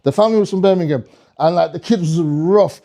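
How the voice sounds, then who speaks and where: A man's voice: high-pitched, a little fast, vocal fry, warm tone. A male comedian telling a stand-up story in a rambling, sweary way, often restarting his sentences. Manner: rambling, sweary, self-interrupting.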